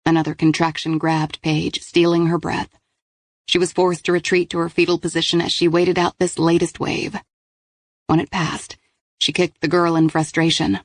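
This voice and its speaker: A woman narrating a suspense audiobook in a steady, measured storytelling manner. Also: fairly low pitch. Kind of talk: scripted narration.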